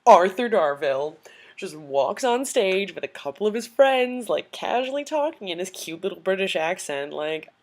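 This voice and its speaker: A young adult woman telling a story in a casual vlog, gushing and excitable, full of "like" and "um". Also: mid-range voice, normal speed. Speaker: vlogger.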